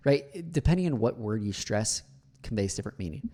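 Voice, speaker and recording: A lowish-voiced man, an English teacher, gives relaxed commentary on a video clip. He explains pronunciation through slow demonstrations of words, dropping in many fillers.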